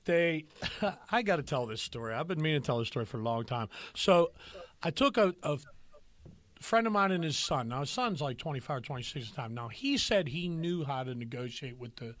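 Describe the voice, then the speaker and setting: A man's voice: fairly high pitch, expressive, a little fast, fairly bright tone. A middle-aged man hosting a casual comedy podcast, telling crude stories and laughing through the punchlines. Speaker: podcast host.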